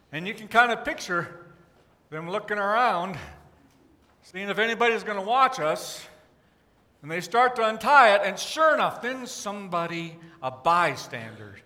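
A pastor telling a story in a sermon, animated and acting out the crowd's cries. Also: male voice, sits high. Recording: long hall reverb.

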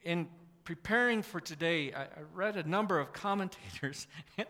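Bright-voiced man preaching in a reverberant hall. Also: fairly high pitch, normal speed. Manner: conversational, self-deprecating, with frequent restarts. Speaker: pastor. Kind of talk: sermon. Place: church. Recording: long reverb of a church hall.

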